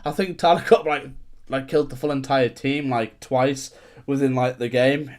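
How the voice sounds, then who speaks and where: A young man rambling through old gaming stories on a podcast. He leans on fillers and breaks into laughter often. His voice sits at an ordinary middle pitch. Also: steady tone, moderate pace. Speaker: podcast co-host. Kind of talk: casual gaming chat.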